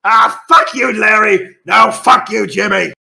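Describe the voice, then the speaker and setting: A man voicing a pack of shrill, squabbling little male imps who shriek greedily and bicker with each other. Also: unhurried, gravelly, pushed and bright, heavily acted.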